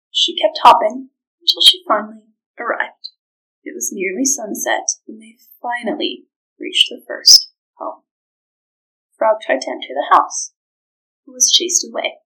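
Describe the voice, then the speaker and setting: Woman reading a fairy tale, husky voice, bright, kinda high, dramatic. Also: rough recording. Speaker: storyteller. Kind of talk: storybook narration.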